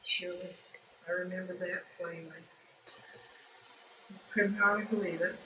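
A woman's voice: on the low side, steady tone, unhurried. An older woman recalling her family life in an oral history interview, rambling and folksy, with many restarts. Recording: distant, echoey, dull and noisy home recording.

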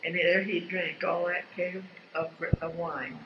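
This is a rambling oral history: an older interviewee recounts family memories folksily, her fairly low, level voice moving a little slowly and her sentences often restarting. There's background noise, and the home tape sounds dull and lo-fi with faint ambience.

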